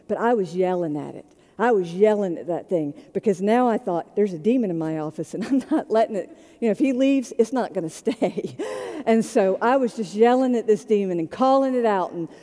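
Woman preaching in an echoing hall. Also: fairly high pitch. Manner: conversational storytelling, shifting between soft and loud. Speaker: pastor. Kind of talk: sermon.

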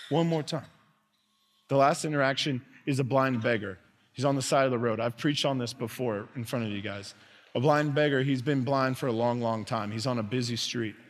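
A man preaching a sermon as pastor, earnest, dropping to soft tones and rising to loud calls. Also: medium pitch. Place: church sanctuary. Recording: long reverb of a large hall.

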